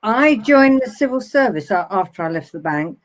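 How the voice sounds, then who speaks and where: A woman's voice: medium pitch, animated, moderate pace. A middle-aged woman in casual conversation, reminiscing and telling anecdotes with a laugh. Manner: chatty, reminiscing, laughs at own stories. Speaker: web TV host.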